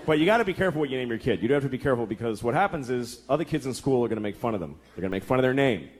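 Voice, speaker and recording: A man's voice: medium pitch, animated, rapid-fire, slight background noise. A man in his thirties doing a crude, exasperated stand-up routine on a club stage, acting out voices. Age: 30s. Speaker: stand-up comedian. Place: comedy club stage with audience. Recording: live club recording, loud crowd laughter.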